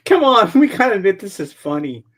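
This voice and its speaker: A man's voice: high voice, fairly bright tone. A man co-hosting a podcast in casual chat, telling stories and cracking himself up easily. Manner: giggly storyteller, easily cracks up. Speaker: podcast co-host.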